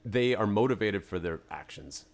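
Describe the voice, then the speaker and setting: A man's voice: lowish voice, expressive, moderate pace, vocal fry. A man co-hosting a podcast in a studio, thinking aloud and arguing his take on a film in casual chat. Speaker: podcast co-host. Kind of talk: casual movie review chat.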